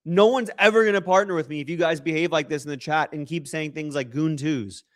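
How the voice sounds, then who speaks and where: A man's voice: fairly high pitch, a little fast. A young man hosting a casual livestream, joking and rambling as he reacts to chat messages and donations. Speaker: livestream host.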